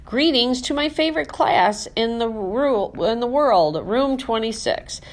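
A woman voicing a schoolteacher reading a postcard aloud to her class, in a measured, lowered voice. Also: lively intonation. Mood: fond.

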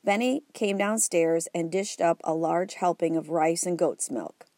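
A woman narrating an audiobook in a wry, even storytelling way. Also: on the low side, measured pace, no room sound, studio quality.

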